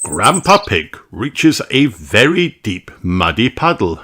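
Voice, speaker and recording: A man reading a children's storybook aloud with an expressive storytelling lilt. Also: on the low side, slow pace, hardly any pauses. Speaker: narrator.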